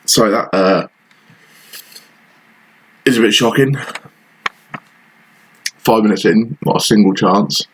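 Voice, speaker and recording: A man's voice: lowish voice, slow, pauses often, a bit bright, slight background noise, poor audio. A man giving frustrated, sarcastic play-by-play commentary over a football management game he is playing. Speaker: gaming channel host.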